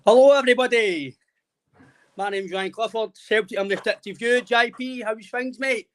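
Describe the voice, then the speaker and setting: A man's voice: high voice, moderate pace, a bit bright. Chatty young man. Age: 20s. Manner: friendly, rambling, says "mate" constantly. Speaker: podcast host. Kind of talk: casual podcast chat.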